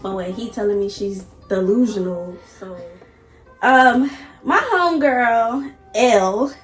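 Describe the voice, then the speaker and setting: A woman vlogger telling a personal story in an animated, emphatic way, addressing viewers directly. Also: fairly high pitch, slow, roomy sound, faint music behind. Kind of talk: casual storytime.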